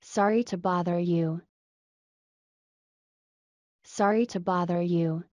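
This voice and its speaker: A woman's voice: lowish voice, fairly even intonation, slow, darkish tone, dry recording, clean studio sound. A woman reading short everyday English phrases for learners, each one twice, carefully enunciated.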